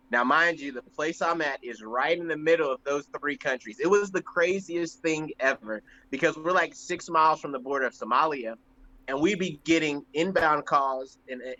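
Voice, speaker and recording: A man's voice: on the high side, no room sound. A young man co-hosting a podcast, telling stories casually and acting out the voices of people in them. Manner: animated, acts out voices in anecdotes. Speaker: podcast co-host. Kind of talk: casual storytelling. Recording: slightly muffled lo-fi audio.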